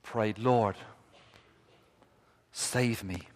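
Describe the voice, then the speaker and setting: A man's voice: on the low side, steady tone, drawn-out words. A man preaching a sermon to his congregation, impassioned and building to fervent repeated cries. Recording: long reverb of a large hall.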